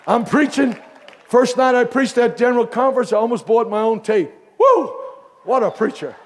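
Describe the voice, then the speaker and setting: A man preaching a sermon as a bishop, telling funny stories that build to loud exclamations. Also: very high voice, lively intonation, moderate pace, big-room sound, some chatter behind, slight background noise.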